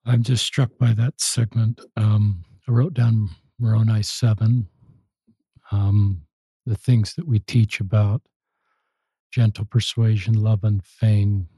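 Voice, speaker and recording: A man hosting an interview, speaking thoughtfully and gently. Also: on the low side, level tone, takes it slowly, slightly rough, no room sound, poor audio. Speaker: host. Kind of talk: interview conversation.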